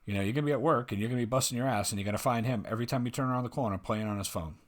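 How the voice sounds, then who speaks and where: A man's voice: mid-range voice, very fast. A man hosting a reaction video, giving blunt, rambling opinions and swearing freely. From United States. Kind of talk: casual opinionated reaction commentary.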